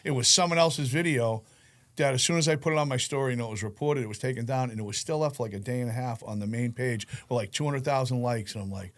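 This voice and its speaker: A man telling profane stories in a relaxed group chat. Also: mid-range voice, quick pace. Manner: profane, animated storyteller. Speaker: podcast guest. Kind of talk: casual storytelling chat.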